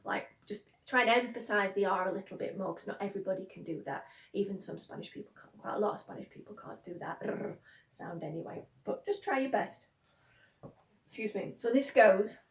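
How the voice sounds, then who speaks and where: A woman's voice: medium pitch, normal speed. A woman teaching school pupils Spanish pronunciation, patiently chanting the sounds in rhythm. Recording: echoey room.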